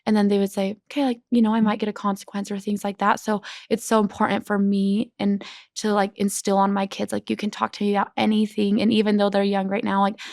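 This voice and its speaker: A young adult woman guest in a casual chat, talking fast and loosely with lots of "like," and brightening whenever she quotes her kids. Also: mid-range voice, creaky, no room sound, studio quality. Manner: chatty, peppered with "like"; animated when quoting her kids. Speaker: podcast guest.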